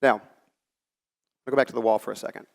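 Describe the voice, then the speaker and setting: A gravelly man in his forties speaks at normal speed with a fairly low pitch and fairly even intonation. On a conference stage before a live audience, he gives a conversational, story-driven talk and acts out the lines he quotes.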